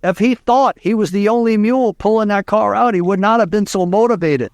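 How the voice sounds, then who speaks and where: A man voicing an old grumpy male Cajun farmer with a Cajun accent, calling out in a high, loud drawl. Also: a little fast, no room sound, studio quality. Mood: wise.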